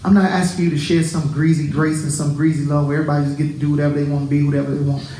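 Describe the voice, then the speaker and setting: A pastor preaching a sermon to his congregation, animated and joking with them. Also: on the high side, racing, reverberant, a little hiss or hum, rough recording. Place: church.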